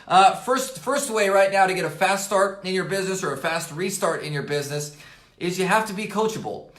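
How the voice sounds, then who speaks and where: A man coaching on camera from his office desk, slightly hoarse, talking emphatically, repeating key points and dropping "right?" and "okay?" between phrases. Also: high-pitched. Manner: energetic and emphatic, fills pauses with "right?" and "okay?". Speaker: network marketing coach. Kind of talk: motivational coaching talk to camera. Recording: roomy echo.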